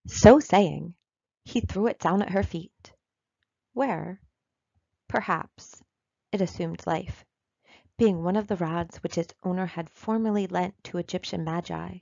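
A woman reading a classic short story aloud in a measured, even storytelling voice. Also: fairly low pitch, vocal fry, dry recording, dull audio. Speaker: reader.

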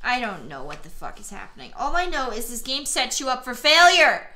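A woman's voice: a little high, big pitch swings, fairly quick, noisy background. A woman streaming a game, commenting with frustration and frequent swearing while reading the dialogue aloud. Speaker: gaming streamer.

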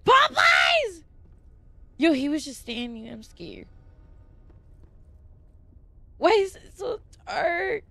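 A woman's voice: high voice, sing-song, unhurried, gravelly, no echo. Jumpy young woman game streamer. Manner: jumpy and easily spooked, swearing, thanking chat between frights. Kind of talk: casual live gameplay streaming.

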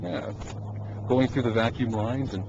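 A man's voice: medium pitch, measured pace. Man coaching through a lo-fi camcorder. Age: adult. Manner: easygoing, coaching, chuckles often. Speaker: conversion kit installer. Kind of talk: hands-on how-to demonstration. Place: beside a car engine. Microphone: camcorder microphone. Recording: dull lo-fi camcorder audio with steady noise.

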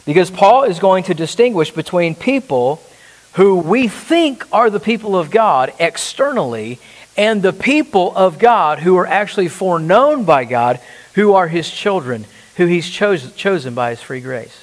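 A man's voice: sits high, big pitch swings, measured pace. Man preaching in a reverberant church. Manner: emphatic preaching, rhetorical questions to the congregation. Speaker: pastor. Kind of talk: sermon.

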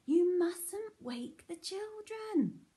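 A whispered role-play of small hushing animals that scold Santa, put on by a woman reading a picture book. The hush is high and slow, with a lively rise and fall. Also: full character voice. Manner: hushed and scolding.

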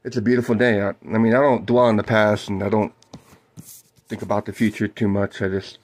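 A man doing live play-by-play of a basketball game for his stream, whooping and shouting on big plays and chatting mellowly with his viewers between plays. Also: fairly low pitch, flat delivery, a little fast.

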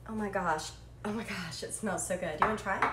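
Livestreaming from her home kitchen, a cooking show host chats in a bubbly, self-deprecating way. Her mid-range voice moves quickly, and the recording is very noisy, echoey, with faint clatter in the background.

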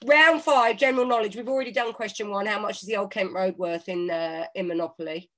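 A woman's voice: medium pitch, fairly quick, a bit bright. A woman co-hosting an online charity quiz over a video call, teasing and playful in casual comic banter. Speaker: quiz co-host.

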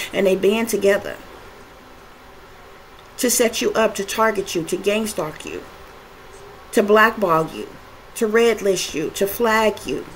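A woman's voice: medium pitch, slight background noise, poor audio. Emphatic woman giving a tarot reading. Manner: emphatic, repetitive lists, frequent cursing. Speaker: tarot reader. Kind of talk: spiritual tarot reading monologue.

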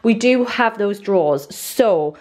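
Moving through her half-unpacked new house, a young woman in her twenties records a chatty vlog, rambling with many "like" fillers and small restarts. Her mid-pitched voice is expressive and a little mellow, with some hiss or hum in the audio.

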